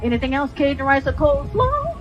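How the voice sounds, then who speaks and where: A sassy, chatty drive-thru cashier voiced by a woman, firing off rhyming patter in a comedy sketch. Her voice sits high and quick, full of playful sing-song teasing. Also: sing-song, dull audio, a crowd in the background. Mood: sassy upbeat.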